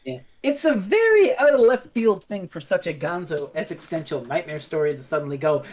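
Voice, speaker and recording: A woman co-hosting a casual review podcast, retelling scenes and acting out lines in quick voices. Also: lowish voice, big pitch swings, darkish tone. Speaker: podcast co-host.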